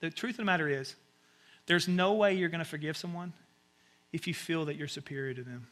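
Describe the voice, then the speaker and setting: A man with a Southern US accent, preaching a conversational sermon with sudden animated asides. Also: on the high side, fairly quick. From American South. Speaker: pastor.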